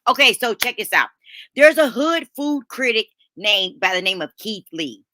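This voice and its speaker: Middle-aged woman, live-stream host; bright, forward tone, dry close mic, folksy and chatty. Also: on the high side, very animated, normal speed, no room sound. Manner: chatty, calls viewers honey and baby; folksy slang, restarts and stumbles. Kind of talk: casual live stream chat.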